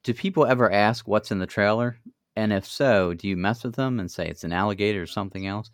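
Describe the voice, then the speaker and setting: A lower-pitched man hosts a relaxed chat and keeps his lines short. He fires off quick questions in a dry, close recording. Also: no echo. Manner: brief, laughs along, quick-fire questions. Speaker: podcast host. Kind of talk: casual interview questions.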